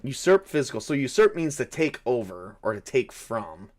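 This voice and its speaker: A man running and narrating a solo tabletop horror game. He thinks aloud as he plays, pausing often with fillers. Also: medium pitch, lively intonation. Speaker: game master and solo player.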